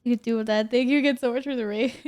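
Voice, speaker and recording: A woman's voice: a little high, fairly even intonation, quick pace, a little mellow. A woman streamer chatting casually and giggling with her chat as she plays. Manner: bubbly, giggly, talks to chat. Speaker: game streamer.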